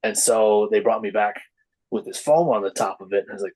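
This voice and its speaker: In a brisk, casual podcast chat recorded in low quality, a middle-aged wrestler spins stories. Whenever he quotes someone, he acts the voice out with energetic pitch jumps.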